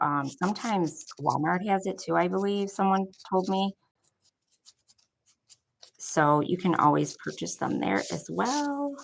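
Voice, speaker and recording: This young craft vlogger from Buffalo, New York has a lowish, fairly bright voice with vocal fry and a Buffalo accent, recorded on poor audio. She rambles casually through a crafting tutorial, chatty and full of filler "likes."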